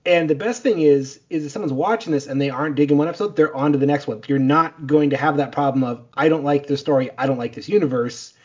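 A man co-hosting a podcast, pitching ideas in quick, enthusiastic run-on sentences. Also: darkish tone, slightly rough, highs cut off. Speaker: podcast co-host. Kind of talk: casual chat.

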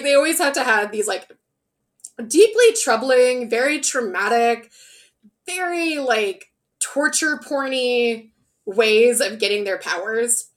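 A woman chatting casually with friends, animated and profane, full of fillers and restarts. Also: a little high. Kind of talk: casual podcast chat.

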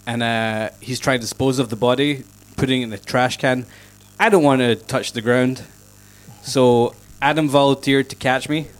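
A man's voice: medium pitch, fairly even intonation, normal speed. A man with a mid-range voice who hosts a casual panel of friends. He talks in an easygoing way and laughs a little as he recalls things. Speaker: host of the panel.

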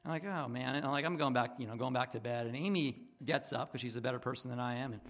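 A man's voice: medium pitch, fast talker. A man preaching a sermon in a casual, rambling way, with many restarts and fillers, acting out bits of dialogue in different voices. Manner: acts out dialogue in animated voices. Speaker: pastor.

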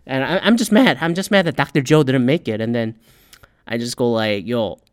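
A man riffs on a reality show in a loose, heated, profanity-laced ramble and keeps circling back on his own sentences. His voice sits at an ordinary middle pitch. The recording is close and dry, with no room sound. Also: brisk, smooth, no echo. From Korean American. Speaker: podcast host. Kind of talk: casual ranting commentary.

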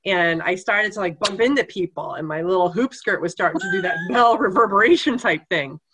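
A woman tells a story in an easygoing back-and-forth, breaking into laughter again and again. Her voice sits at a middle pitch for a woman, neither high nor low. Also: brisk. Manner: animated, laughing often while telling the story. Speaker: guest telling a story. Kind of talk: casual anecdote in conversation.

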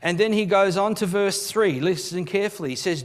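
A man's voice: high voice, fairly quick, few pauses. A man preaching a live church sermon as pastor, reading scripture aloud and explaining it, sometimes repeating words as he starts a sentence. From Australia.

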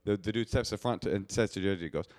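A man's voice: lowish voice, racing. A man co-hosting a podcast, telling a rambling comic story with restarts and fillers. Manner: animated, rambling anecdote with frequent restarts and fillers. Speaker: podcast co-host. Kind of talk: casual comedic storytelling.

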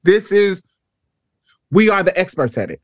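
A woman's voice: on the low side, very animated, a little slow, no echo, clean studio sound. Blunt, emphatic woman podcast host. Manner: emphatic, blunt, salty language. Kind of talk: casual interview chat.

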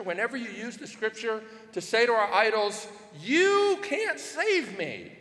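A man delivers a sermon with a high, wide-ranging voice that leaps up for emphasis. He keeps asking the room rhetorical questions and now and then pushes into a shout. His bright tone rings out in a hall with a long reverb tail. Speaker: pastor.

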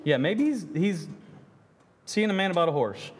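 Male pastor, high voice, loose and joking, stammers and restarts, sermon in a reverberant hall. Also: very animated, normal speed, slight background noise. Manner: reads scripture aloud, then riffs with jokes and self-deprecating asides.

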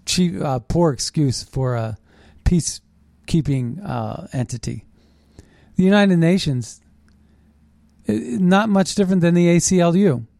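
A man hosting a show, delivering a fast, indignant and sarcastic political monologue. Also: fairly high pitch, no room sound, studio quality. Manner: animated, indignant, sarcastic ranting. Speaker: political commentary host.

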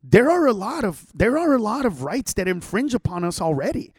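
A man's voice: sits high, fairly quick, breathy edge, no room sound. A man who is a stand-up comedian, ranting in casual podcast chat, full of swearing. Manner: profane, animated ranting.

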